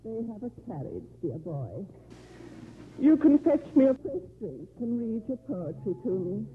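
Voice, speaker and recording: A woman's voice: fairly high pitch, big pitch swings, measured pace. An actress playing a lonely, sardonic older woman who drinks too much, in 1950s radio drama style, with a mocking, theatrical manner. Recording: dull, faintly hissy 1950s radio broadcast.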